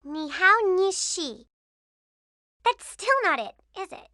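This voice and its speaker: A woman voicing an eager teenage girl superheroine in a high, quick, urgent voice. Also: very animated, no room sound, studio quality, heavily acted. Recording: loud music behind.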